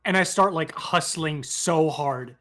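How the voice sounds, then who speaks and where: A man joking around as a player in a tabletop game. He talks slowly, with a bright, forward tone. His pitch sits a little high for a man. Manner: playful, jokey. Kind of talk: casual tabletop game chat.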